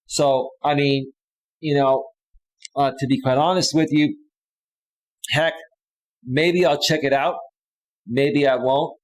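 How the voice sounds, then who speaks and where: A man's voice: mid-range voice, rough recording. A man hosting a live stream, reading viewer comments aloud and answering them bluntly and dismissively. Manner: blunt and dismissive, with frequent restarts.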